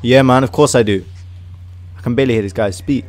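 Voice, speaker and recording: An English man giving excitable casual commentary while playing a game, shouting at his teammate. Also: mid-range voice, fairly quick. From England. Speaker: gaming video host.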